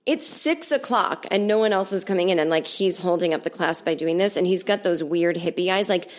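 Chatty sarcastic woman telling stories, low-voiced. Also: steady tone, fast talker, darkish tone. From Los Angeles. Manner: chatty, sarcastic, swears freely. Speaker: comedian and podcast host. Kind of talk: solo comedy podcast storytelling. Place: at home.

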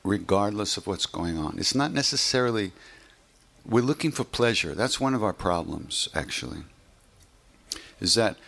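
A man's voice: on the low side, gravelly, pushed and bright. A man teaching meditation in an informal, conversational way, rambling with frequent "you know"s and self-corrections. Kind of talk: informal spiritual talk.

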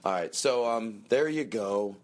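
A man hosting a comedy podcast, rambling and self-pitying, swinging into shouted rants. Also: lowish voice, animated, unhurried. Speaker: podcast host.

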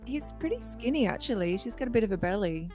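A woman's voice: medium pitch, very animated, fast talker, a little mellow, faint music behind. Understated woman on a podcast. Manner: brief, understated replies. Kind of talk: casual chat.

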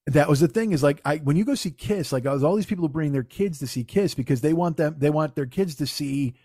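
A man's voice: fairly high pitch, brisk, no echo, clean studio sound. A man co-hosting a podcast in casual chat, telling stories with lots of swearing and mimicking people. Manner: profane, animated storyteller who mimics people. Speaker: podcast co-host.

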